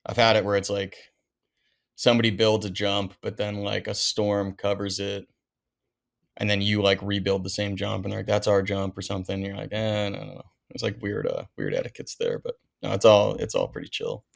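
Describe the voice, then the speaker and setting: A man in his thirties chats as a podcast guest in a relaxed, slangy way. His voice is low with a gravelly rasp, and he leans on "like" and "dude" as he tells stories. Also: brisk. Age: 30s. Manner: laid-back, full of "like" and "dude". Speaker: podcast guest, pro skier. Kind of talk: casual storytelling chat.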